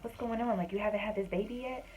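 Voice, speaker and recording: A woman voicing her own mother as a bossy, excited middle-aged woman who keeps insisting. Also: medium pitch, quick pace, voice pushed up, lightly acted, rough recording. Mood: insistent.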